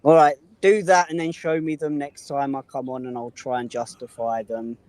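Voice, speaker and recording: A man's voice: medium pitch, fairly even intonation, moderate pace, darkish tone, no echo. A man calling into a livestream, defensive and sweary, dropping mate and man. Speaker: guest caller on a livestream. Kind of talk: casual argument.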